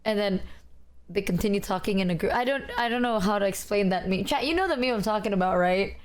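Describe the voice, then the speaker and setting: A woman's voice: mid-range voice, fast talker. A woman streamer rambling casually with a friend, giggling and swearing often.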